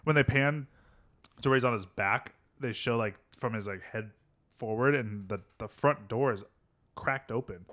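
A man's voice: mid-range voice, normal speed, a bit bright. A man co-hosting a podcast, teasing and telling stories in casual chat. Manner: wry, teasing, storytelling.

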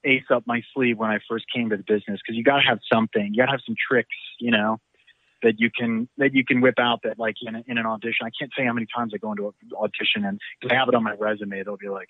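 A middle-aged actor chatting in an interview, rambling through stories with a self-deprecating streak. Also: male voice, mid-range voice, fairly even intonation, fast talker, dry recording. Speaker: actor guest. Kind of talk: casual interview chat. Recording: tinny phone-like line.

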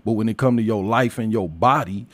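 A man's voice: on the low side, a little fast, dry recording. Profane ranting man, dry close sound. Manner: crude, loud, laughs often. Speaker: commentator. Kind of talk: casual profane rant.

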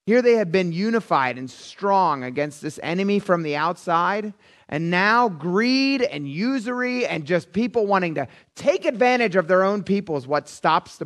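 A middle-aged man preaching a conversational, animated sermon, often calling the audience "you guys". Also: high-pitched. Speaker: pastor.

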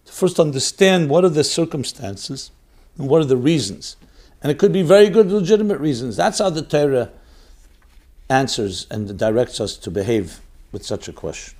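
A male rabbi hosting a question-and-answer show answers a listener's question with religious guidance, earnest and emphatic, repeating key phrases and sprinkling in Hebrew and Yiddish religious terms. His mid-range voice is expressive and a little mellow, at a moderate pace.

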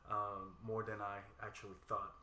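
A podcast host asking questions in a relaxed way, with short, agreeable interjections. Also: low-pitched, moderate pace. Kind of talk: casual interview chat. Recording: echoey room with faint ambience.

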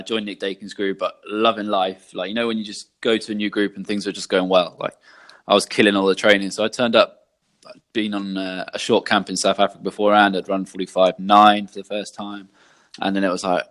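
A man's voice: fairly low pitch, a bit bright. A young man, an athlete guest, telling stories in casual podcast chat, laid-back with frequent fillers and the odd swear.

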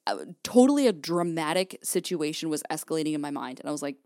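A woman's voice: fairly low pitch, very animated, fast talker, darkish tone, no echo, clean studio sound. A young woman hosting her own podcast, telling a personal story candidly, swearing freely and acting out her past thoughts. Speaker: podcast host.

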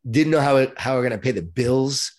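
This middle-aged guest author, a Long Island native, talks briskly through his life story in an interview. He has a mid-range voice and a lively habit of joking at his own expense.

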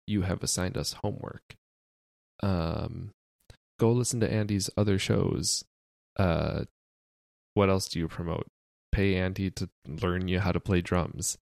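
A man from the United States co-hosting a podcast, talking in a deadpan, sarcastic way with many fillers. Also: deep voice, a little slow, vocal fry, dry recording. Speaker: podcast co-host. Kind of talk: casual chat.

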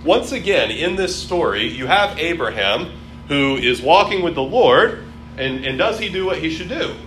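A man's voice: on the high side, expressive, normal speed, fairly bright tone, slight background noise. A man teaching a casual Bible study, chatty and amused, with many fillers.

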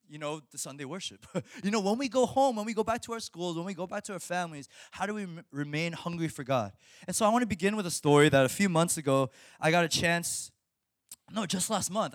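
A young man, a high school pastor, preaching and telling a personal story with lots of laughter and restarts. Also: fairly bright tone, no room sound, clean studio sound. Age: young adult. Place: Chicago suburbs.

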